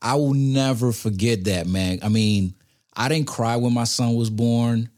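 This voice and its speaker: A man telling a personal story in casual, slangy, animated talk. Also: mid-range voice, a little slow.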